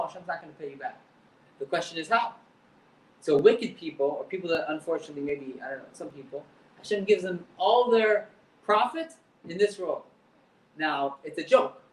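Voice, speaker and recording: High-voiced rabbi teaching in an echoey room. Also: male voice, animated, a little fast, far from the mic. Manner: explains Hebrew text line by line, repeats words. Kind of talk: Talmud class with translation.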